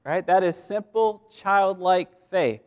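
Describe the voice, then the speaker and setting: A man's voice: high-pitched, slow pace. Preaching man, chatty and repetitive. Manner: conversational preaching with repetitions and laughs. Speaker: pastor. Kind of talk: sermon.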